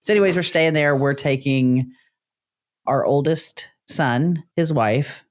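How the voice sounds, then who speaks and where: A woman's voice: extremely low pitch, slow. An older woman with grandchildren co-hosting a casual podcast, blunt and teasing. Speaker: podcast co-host.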